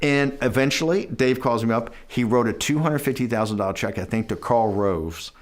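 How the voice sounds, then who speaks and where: A man's voice: medium pitch, moderate pace. A man being interviewed, telling a long anecdote in a rambling way, restarting sentences and quoting others with "I go". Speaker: interview guest. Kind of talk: anecdotal storytelling in a conversation.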